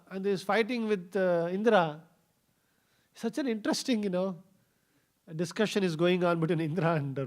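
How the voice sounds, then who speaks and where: A man giving a scripture class in a temple, telling a story with many fillers and pauses. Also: high-pitched. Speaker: scripture speaker. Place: temple hall.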